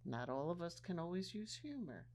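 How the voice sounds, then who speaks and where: A woman in her eighties co-hosting a casual conversation, telling family stories and getting animated when she retells a joke. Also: lowish voice, a little fast. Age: 80s. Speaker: podcast co-host, mother-in-law.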